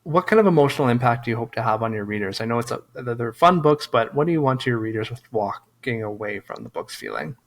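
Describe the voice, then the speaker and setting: Fast-talking male podcast host. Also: medium pitch, very animated. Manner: brief affirmations, quick questions. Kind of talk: casual interview talk.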